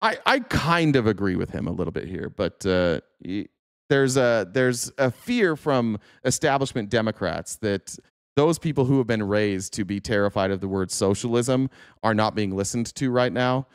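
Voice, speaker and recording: A man's voice: fairly low pitch, clean tone, no room sound, studio quality. Sarcastic, swearing male livestream commentator. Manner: animated, sarcastic, profane. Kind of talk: casual livestream commentary reacting to clips.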